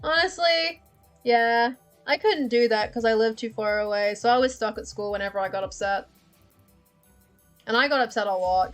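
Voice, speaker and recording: A young woman, chatting candidly on a livestream, swearing freely and laughing often. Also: mid-range voice. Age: young adult. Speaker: livestream host. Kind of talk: casual livestream chat.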